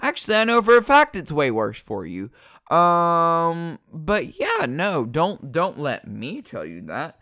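Man with a somewhat high, clean voice; unscripted sarcastic rant with plenty of swearing. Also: huge pitch swings, a little slow, pushed and bright. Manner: rambling, profane and sarcastic, trailing off into fillers.

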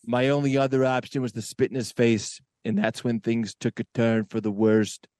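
A man's voice: mid-range voice, level tone, normal speed, darkish tone, clean tone, dry recording, clean studio sound, close to an everyday voice. A man on a comedy podcast doing an impression of a boastful politician telling a rambling tall tale. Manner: rambling, boastful, self-correcting puns. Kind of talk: comedy impression narrating a story.

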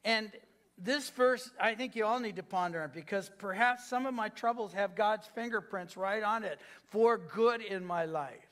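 High-voiced preaching pastor. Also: male voice, normal speed, a bit bright. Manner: dynamic, calls the congregation to repeat phrases. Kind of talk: sermon. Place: church sanctuary.

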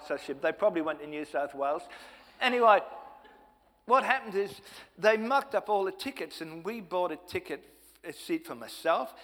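A fairly high-voiced man spins a chatty, self-deprecating story with plenty of asides. His voice carries the long reverb of a church hall, and he speaks as a guest evangelist. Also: pushed and bright. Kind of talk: storytelling testimony.

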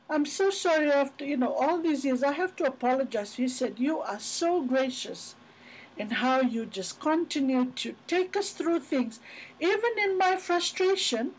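Chatty middle-aged woman, podcast guest, high-ish voice, casual faith talk. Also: lively intonation, unhurried, low-quality recording. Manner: chatty storyteller, many "you know" fillers.

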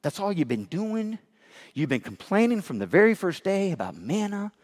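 Man doing a grumbling fed-up old prophet, low muttered voice, long hall reverb. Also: big pitch swings, normal speed, darkish tone. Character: exasperated older male prophet muttering under his breath.

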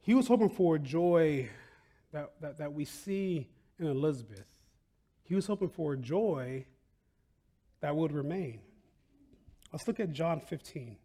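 A man pastor preaching a sermon in a conversational, animated way, laughing often and tossing in "right?" and "like". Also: fairly high pitch, a little slow, pauses often. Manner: animated, bursts into loud excited outcries, laughs often.

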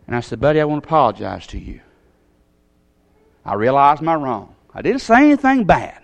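A man from Tennessee, telling a personal story in a sermon, acting out the voices and swinging from loud to soft. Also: medium pitch.

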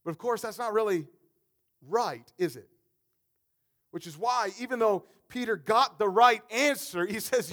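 A man preaching a conversational, animated sermon as a pastor, often repeating words as he builds a point. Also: sits high, normal speed.

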